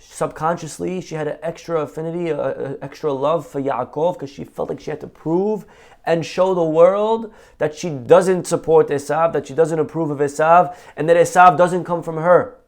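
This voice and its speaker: A man's voice: a little high, normal speed, darkish tone. A man, a rabbi, giving a conversational Torah class, asking rhetorical questions and quoting Hebrew texts. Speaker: rabbi teaching.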